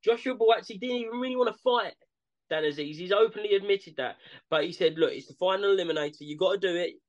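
A man's voice: sits high, fast talker. A man with an East London accent co-hosting a podcast, talking casually and jokily about boxing. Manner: laid-back, jokey, says mate. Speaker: podcast co-host.

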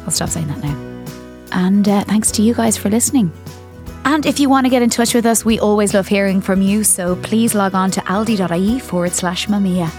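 A woman hosting a podcast in casual chat, bubbly and laughing often, tripping over her words when excited. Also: mid-range voice, brisk, faint music behind. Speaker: podcast host.

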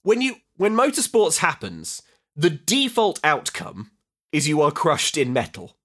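A man co-hosting a comedic film recap podcast, retelling scenes with deadpan quips. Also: a little high, measured pace. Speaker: podcast co-host.

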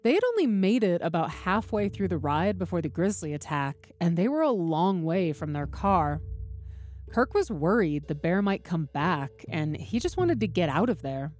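A woman's voice: lowish voice, sing-song, normal speed, a little mellow, soft background music. A woman hosting and narrating a true story and putting questions to her guest. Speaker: podcast host and narrator. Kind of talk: scripted narration with interview questions.

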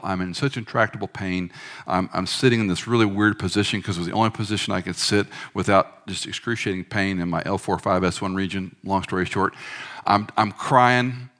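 A middle-aged male pastor preaches a sermon in church, his low voice moving between emphatic bursts and hushed, quiet lines.

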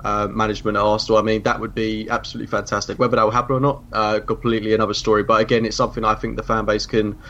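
A man guest talking about his documentary in a measured, hesitant way, on a muffled remote line. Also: on the low side, level tone, bright, forceful tone. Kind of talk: casual interview chat.

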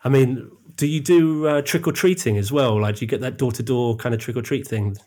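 A man's voice: medium pitch, brisk, warm tone. A man in his thirties hosting a podcast in casual chat, his voice nasal and stuffy from a cold, laughing easily as he talks. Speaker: podcast host.

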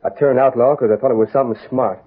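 An earnest young ranch foreman with a past speaks in a husky cowboy drawl, voiced by an actor. The sound is thin and tinny, like an old radio broadcast. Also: mid-range voice, fairly even intonation, fast, close to an everyday voice. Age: young adult. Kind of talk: 1940s radio acting.

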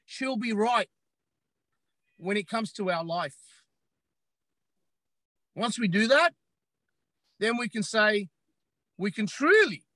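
Emphatic bright-voiced Australian man. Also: sits high, no echo. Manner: emphatic, repeats phrases for effect. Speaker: podcast guest. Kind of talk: podcast interview.

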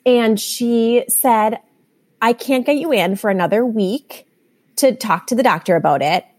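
A woman's voice: a little high, measured pace, a little mellow. A woman in her thirties, a mother and podcast guest, telling her story candidly and animatedly in a casual chat.

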